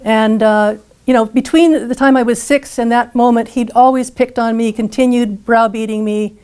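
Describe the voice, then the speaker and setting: A woman's voice: fairly high pitch, moderate pace, smooth. Older woman telling a personal story. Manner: earnest, animated retelling with acted dialogue. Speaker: speaker telling her life story.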